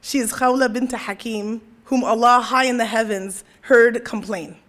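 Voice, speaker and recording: A woman lecturer voicing a male ruler who calmly defends an old woman. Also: on the high side, normal speed, close to an everyday voice.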